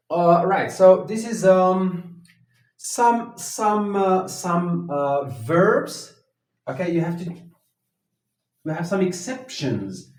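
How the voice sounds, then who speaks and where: A man teaching an English grammar lesson at a whiteboard, talking slowly and haltingly, with many fillers and restarts. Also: fairly high pitch, darkish tone, far from the mic. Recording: echoey room, voice from off the mic.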